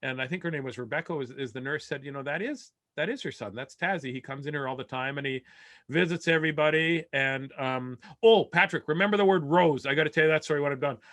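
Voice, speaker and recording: A man with a fairly high, bright voice tells a long comic story about his family over a video call. He rambles along, stammers through restarts and laughs at his own punchlines. The sound is dry and close, with no room around it. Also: fast, no echo. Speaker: comedian.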